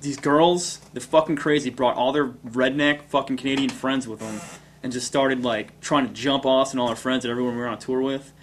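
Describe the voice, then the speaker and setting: A mid-pitched man tells a story with heavy cursing and a bewildered tone. Faint background noise sits behind his voice. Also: fairly even intonation, a little fast. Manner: profane, bewildered retelling. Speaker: touring band member. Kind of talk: casual storytelling.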